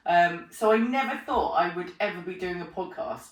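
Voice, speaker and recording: A woman's voice: on the low side, moderate pace. Chatty woman in a roomy room. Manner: animated storyteller, acts out her own remarks, laughs often. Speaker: podcast host being interviewed. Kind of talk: casual conversational interview. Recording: roomy sound, mic at a distance.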